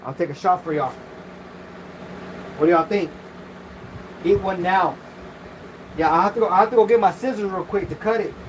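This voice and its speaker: A man's voice: high-pitched, normal speed, long pauses, noisy background. Laid-back slangy man on a live stream. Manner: loose, rambling, casual slang and cursing. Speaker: livestream host. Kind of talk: casual live-stream chat.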